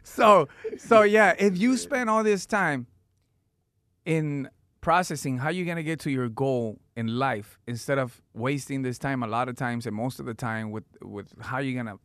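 A man's voice: mid-range voice, normal speed, fairly bright tone, no room sound. A man, a guest on a casual podcast, giving laid-back advice and teasing his friends.

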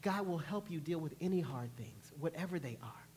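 A male pastor preaching a sermon, telling lively stories and acting out panicked voices. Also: on the high side, brisk, slight background noise. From New York. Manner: animated storytelling, acts out panicked voices. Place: church.

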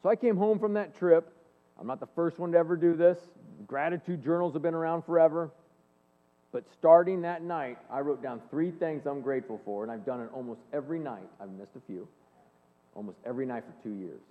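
A man in his forties giving an earnest, animated faith-based talk, telling personal stories to an audience in a large hall. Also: on the high side, a little fast. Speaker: speaker and leadership coach. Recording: long hall reverb, phone-like band.

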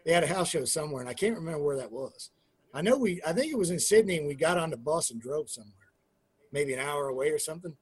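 A man's voice: a little high, quick pace, husky. A middle-aged man who used to wrestle, telling swearing-heavy locker-room stories in a casual interview. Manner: profane, animated storyteller, acts out quotes; trailing fillers and restarts. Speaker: interview guest, former pro wrestler. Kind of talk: casual storytelling.

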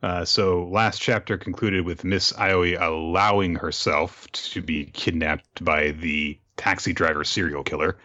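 A man recapping a manga chapter in casual chat, animated and laughing, often jumping into high voices for the characters. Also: unhurried, hardly any pauses, lo-fi sound. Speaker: podcast co-host.

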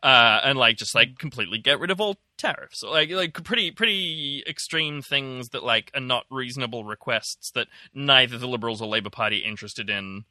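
Wry young man, very bright voice. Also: mid-range voice, fairly quick, hardly any pauses, dry recording, clean studio sound. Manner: rambling, many likes, wry. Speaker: podcast co-host. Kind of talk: casual news chat.

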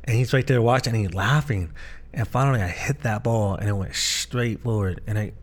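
A man with a fairly low voice tells his own story on a podcast. He speaks earnestly, backing up and restarting his sentences as the memories come. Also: fairly quick. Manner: earnest, with frequent restarts and fillers. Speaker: podcast co-host and pastor. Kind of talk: personal storytelling in casual conversation.

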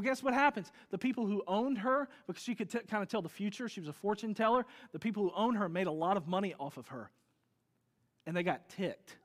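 A pastor, preaching a sermon as an animated storyteller who swings between loud and hushed delivery. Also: male voice, sits high. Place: church sanctuary. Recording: reverberant church hall.

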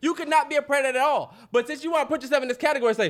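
A man co-hosting a podcast, arguing in heated casual debate, animated and cursing as he tells stories. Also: very high voice, very fast. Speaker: podcast co-host.

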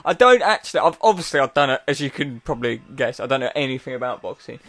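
A man's voice: medium pitch, lively intonation, fast, fairly bright tone. A man, chatting casually and joking dryly about a boxing match he is watching. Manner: dry, self-mocking, jokey.

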